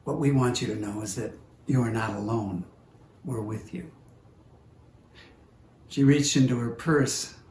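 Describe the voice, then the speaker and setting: Male pastor preaching slow, tells a story, church room echo. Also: mid-range voice, darkish tone. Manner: unhurried storytelling with quoted voices. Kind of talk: sermon. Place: church service recording. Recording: roomy echo with faint background noise.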